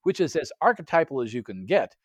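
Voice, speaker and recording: A man's voice: a little high, big pitch swings, fast, slightly rough, dry recording. A man co-hosting a podcast, stumbling over names with jokey asides as he sums up the story for listeners. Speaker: podcast co-host. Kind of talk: casual interview talk.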